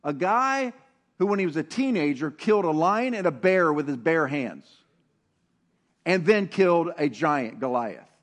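A middle-aged man preaching a sermon with animated swings from loud emphasis to hushed, intimate tones. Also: a little high, a little slow. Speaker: pastor.

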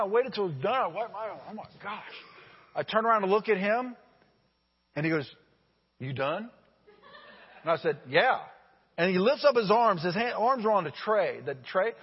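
A man preaching a sermon as pastor, telling stories in an animated way that swings from loud to hushed. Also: high voice, husky. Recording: dull lo-fi audio with long hall reverb.

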